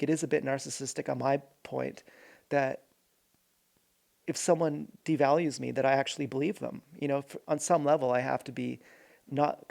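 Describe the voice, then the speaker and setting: A man's voice: medium pitch, vocal fry, a little mellow. A man vlogging a rambling, earnest personal monologue, often stopping to correct himself.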